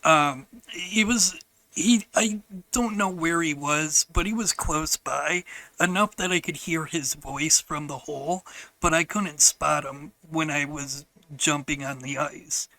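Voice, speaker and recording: Slow-talking man, bright voice. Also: on the high side, no room sound, rough recording. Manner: frank, halting and profane. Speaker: podcaster. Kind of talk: personal storytelling.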